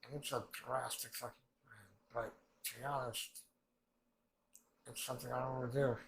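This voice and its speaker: Casual male anime reactor, gravelly tone, rambling and profane. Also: mid-range voice, normal speed, low-quality recording. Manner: rambling, excitable, swears a lot. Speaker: reaction channel host.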